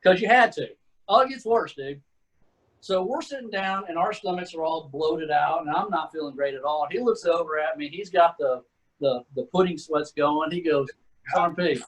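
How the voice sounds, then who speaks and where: Middle-aged man, husky voice, higher-pitched, laid-back army storyteller. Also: normal speed, low-quality recording. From Texas. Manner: laid-back, chatty, uses "man" and "dude" a lot. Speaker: retired Army sergeant first class, guest. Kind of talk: casual storytelling.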